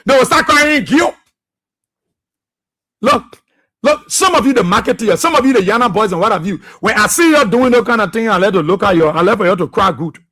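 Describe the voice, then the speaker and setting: Liberian guy ranting on talk radio, really high bright voice, keeps hammering the point. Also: expressive, a little fast, slightly rough. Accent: Liberian English. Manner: fiery, repetitive, preacher-like delivery. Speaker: radio talk show host. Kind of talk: impassioned political commentary.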